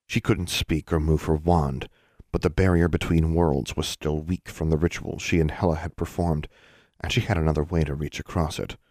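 Deep-voiced male audiobook narrator. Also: darkish tone, no room sound, clean studio sound.

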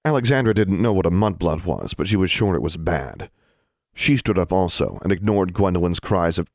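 Deep-voiced male audiobook narrator, animated pitch, dry studio sound. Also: moderate pace, creaky, no room sound. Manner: expressive storytelling.

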